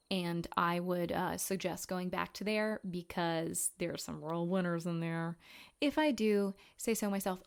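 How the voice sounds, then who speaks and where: A woman in her twenties hosting a casual podcast, talking frankly and profanely, rambling with quick asides and self-corrections. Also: mid-range voice. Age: 20s. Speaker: podcast host. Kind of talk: casual chat.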